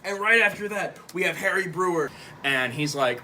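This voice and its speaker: A man's voice: sits high, animated, moderate pace, bright, forceful tone, slight background noise. A man drunkenly retelling a play, rambling and profane, acting out each character in turn. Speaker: drunk storyteller.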